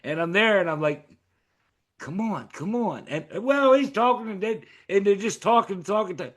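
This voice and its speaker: A man's voice: high voice, animated, brisk. A middle-aged man from Pennsylvania hosting a casual interview, telling stories animatedly and swearing freely. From York, Pennsylvania. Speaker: host.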